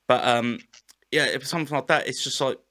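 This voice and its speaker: A man's voice: mid-range voice, steady tone, a little fast, bright, forceful tone. A man who plays in a band, a podcast guest in casual chat who rambles, swears freely and corrects himself.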